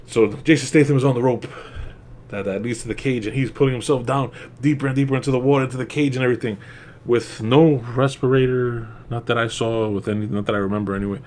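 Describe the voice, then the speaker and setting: A man's voice: mid-range voice, fairly even intonation, fast, a little mellow, a little hiss or hum. Rambling, profane young man reviewing a movie. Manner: rambling, laughing, profane, mocking impressions.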